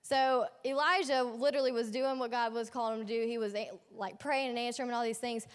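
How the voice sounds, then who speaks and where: A woman's voice: a little high, fairly even intonation, quick pace, clean tone. Chatty young woman preaching in an echoey hall. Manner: chatty, slangy storytelling with playful asides. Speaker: youth ministry leader. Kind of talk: casual youth sermon.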